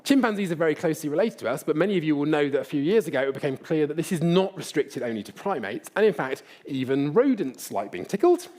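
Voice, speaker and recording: A man's voice: fairly high pitch, very animated, quick pace, hardly any pauses, a little mellow. A middle-aged man giving a public lecture in a hall, speaking conversationally and addressing the audience directly.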